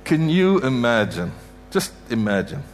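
With a medium-pitched, sing-song voice and a slightly slow pace, a Canadian man preaches in a church sanctuary as a guest. He repeats his points with emphasis and pronounces blessings over the congregation in a heartfelt sermon, while faint music plays behind him.

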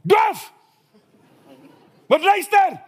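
A man shouting as a grumpy Afrikaans sergeant major. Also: extremely high pitch, wildly swooping pitch, extremely slow, voice pushed up, exaggerated voice. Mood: angry. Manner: barking drill commands.

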